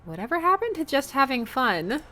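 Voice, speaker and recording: A woman's voice: high voice, big pitch swings, moderate pace, sharp tone, soft background music, pitched above the performer's own voice, exaggerated voice. A woman voicing a perky teenage daughter in a dating game, reading her lines in a raised, eager voice. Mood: puzzled. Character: perky teenage girl Amanda, the dad's daughter.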